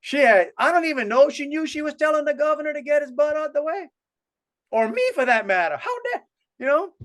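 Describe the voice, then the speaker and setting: This South Louisiana co-host has an extremely high pitch, lively intonation and a bit of brightness, speaking fairly quickly. He tells a long, rambling podcast story full of restarts in casual storytelling chat.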